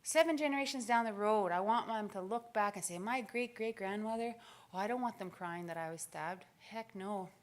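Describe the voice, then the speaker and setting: A woman in her forties giving a motivational keynote speech, telling stories with lively acted-out quotes. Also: medium pitch, fairly quick, few pauses. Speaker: keynote speaker. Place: conference stage.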